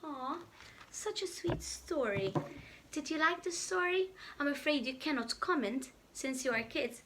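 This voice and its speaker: A woman's voice: sits high, measured pace, slight background noise. A woman reading a picture book aloud to young children, playful and speaking straight to them. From Malta. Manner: animated, playful, talks to the children directly. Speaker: children's storyteller.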